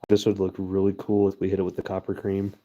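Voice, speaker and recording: Laid-back low-voiced man live-streaming. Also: monotone, quick pace, warm tone, dull audio. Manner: laid-back, chatty, talks to viewers and his dog. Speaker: livestream host pouring metal. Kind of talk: casual live-stream chat.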